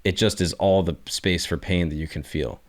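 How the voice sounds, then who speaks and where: Deep-voiced man hosting an interview. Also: fairly even intonation, moderate pace. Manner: curious, asks long rambling questions. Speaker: podcast host. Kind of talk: interview conversation.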